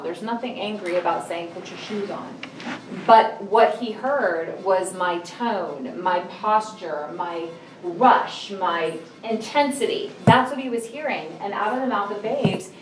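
In a conversational church or ministry sermon, a middle-aged woman tells personal stories and plays out scenes, her voice suddenly rising at moments. Her tone is mid-range. The recording sounds roomy and distant, with faint ambience and slight background noise.

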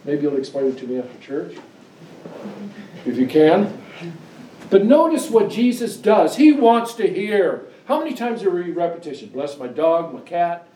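Animated male preacher in an echoey church. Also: normal speed, slight background noise. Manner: animated storyteller, rising to high emphatic pitch on scripture. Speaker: pastor. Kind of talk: sermon with scripture reading and anecdotes. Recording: echoey room, distant mic, faint ambience.

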